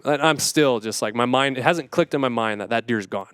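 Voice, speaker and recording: A young man talks as a podcast guest, recounting a story in a loose, animated way with lots of fillers. His voice is smooth and clear, recorded dry and close. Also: medium pitch, fairly quick, hardly any pauses, dry recording. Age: young adult. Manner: animated, many fillers, acts out his own thoughts. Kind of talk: casual storytelling.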